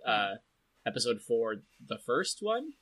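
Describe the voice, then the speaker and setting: A man hosting a podcast in casual chat, his voice sitting at an ordinary middle pitch. He talks in a loose, rambling way, with plenty of "like" and "um" as he recaps. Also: sing-song, a little slow, a bit bright. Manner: chatty, filler-heavy recap with lots of "like". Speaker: podcast host.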